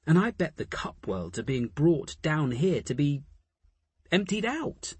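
A man voicing an eager, excitable companion in an audiobook, speaking in a quick, excited way. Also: on the high side, husky, no echo, pitched above the performer's own voice, heavily acted.

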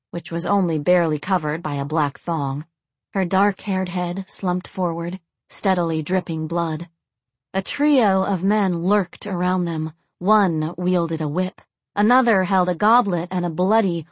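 Give me a woman narrating a dark story in a steady, even way. Her voice sits fairly low, and the recording is dry and close, with no room sound around it. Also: no echo.

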